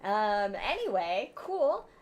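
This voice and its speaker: Animated chatty woman co-host. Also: mid-range voice, slow pace. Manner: chatty and animated, with loose trailing asides. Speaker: podcast co-host. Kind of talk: casual live-stream chat.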